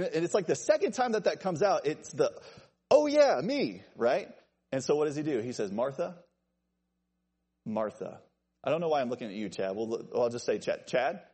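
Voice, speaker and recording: A man preaching an evening sermon, animated and joking with listeners he calls by name. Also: slightly rough. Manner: animated, jokey asides to named listeners, lively pitch swings.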